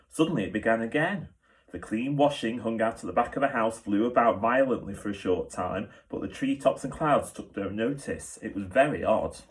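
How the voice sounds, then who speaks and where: Man, teacher, reading a storybook aloud, steady, clear. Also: lowish voice. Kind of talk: reading a children's book aloud.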